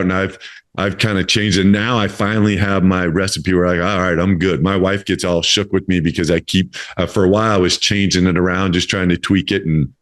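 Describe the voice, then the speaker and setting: A man in his fifties hosting a casual interview, talking in a rambling way with many fillers and restarts. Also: deep voice. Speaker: podcast host.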